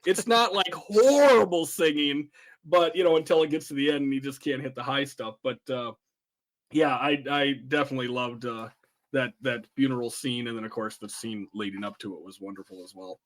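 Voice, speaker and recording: A man's voice: medium pitch, a little fast. A man hosting a podcast, chatting casually and enthusiastically about a comedy film and quoting its lines. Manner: enthusiastic, quotes movie lines. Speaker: podcast host. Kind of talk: casual chat.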